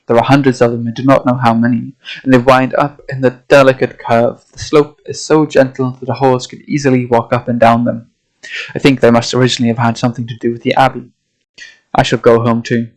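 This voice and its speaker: A man reading a classic novel aloud at a measured, steady pace. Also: medium pitch, rough recording. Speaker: audiobook reader and streamer.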